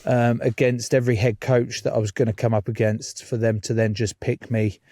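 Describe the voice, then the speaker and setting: A man's voice: mid-range voice, flat delivery, brisk, mellow, no echo, clean studio sound. A man, a podcast guest telling stories in casual chat, swearing freely and laughing as he goes.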